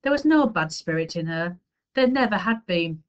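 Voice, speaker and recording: A woman reading a children's chapter book aloud with expressive storytelling. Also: fairly low pitch, moderate pace, highs cut off. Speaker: story reader.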